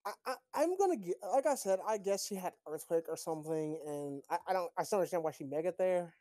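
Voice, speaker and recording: A woman hosting a casual recap of competitive game battles, excitable, profane and teasing. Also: on the low side, quick pace, no echo. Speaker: league recap host. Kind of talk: casual gaming recap chat.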